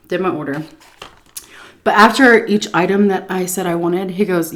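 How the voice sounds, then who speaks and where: A woman's voice: on the low side, expressive, moderate pace. A woman vlogger chatting casually while she eats, telling a story and mimicking the people in it. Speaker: mukbang vlogger.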